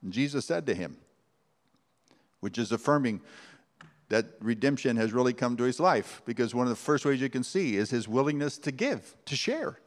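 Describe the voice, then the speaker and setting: A man's voice: medium pitch, animated, normal speed. A man preaching a sermon, earnest and conversational, with rhetorical questions. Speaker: pastor. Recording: long hall reverb.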